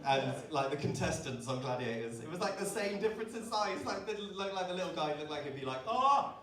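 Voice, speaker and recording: A young man from doing a rambling, animated stand-up routine at a comedy pub. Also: a little high, fast. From Bristol, England. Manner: animated, rambling storytelling full of "like" and laughter. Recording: echoey pub room, distant mic, loud crowd. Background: audience laughter.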